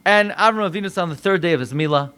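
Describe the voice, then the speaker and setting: An American man, a rabbi, preaching a sermon with animated delivery, acting out voices in dialogue. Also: high voice, very fast, smooth. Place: synagogue.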